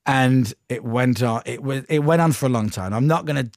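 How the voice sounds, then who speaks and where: Male guest, ex-radio host, mid-pitched voice, animated anecdote teller who acts out the dialogue; dry, close sound. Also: moderate pace, vocal fry, no echo. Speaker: interview guest, former radio breakfast show host. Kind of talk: conversational storytelling.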